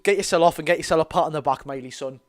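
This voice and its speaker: Excitable Geordie teen calling football. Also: male voice, a little high, racing. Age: teens. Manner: excitable, chatty, calls the play and talks to chat. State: voice going hoarse. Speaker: fan watch-along host. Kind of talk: live football commentary and fan reaction.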